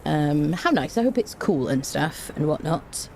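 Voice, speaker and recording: A woman's voice: low-pitched, animated, unhurried, vocal fry, darkish tone, a little hiss or hum. A woman chatting casually on a gaming live stream, greeting viewers by name and making dry, self-mocking jokes. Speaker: game streamer.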